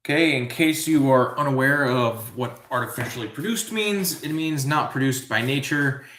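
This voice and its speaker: A man hosting a live trivia stream, reading questions slowly and drifting into musing asides. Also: mid-range voice, animated, fairly bright tone, roomy sound, slight background noise. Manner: slow, drawn-out, musing asides. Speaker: trivia host.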